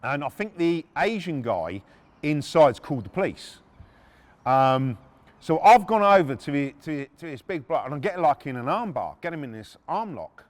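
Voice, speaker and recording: Animated man telling stories. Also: on the high side, normal speed, in a large hall. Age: middle-aged. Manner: blunt, swears freely, frequent restarts. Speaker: podcast host. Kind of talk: casual true-story telling.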